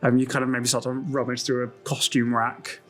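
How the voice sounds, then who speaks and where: A man running a tabletop game as game master, narrating scenes in a loose, casual way. He pads his descriptions with fillers, and his voice sits at a middling pitch. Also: little pitch movement, a little fast, fairly bright tone, faint music behind.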